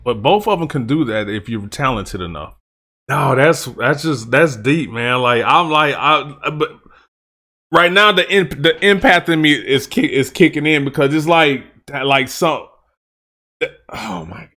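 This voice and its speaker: A man hosts a casual reaction stream and talks with animated swings and bright tone. He rambles and restarts as he works through his thoughts. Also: mid-range voice, unhurried. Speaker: reaction channel host.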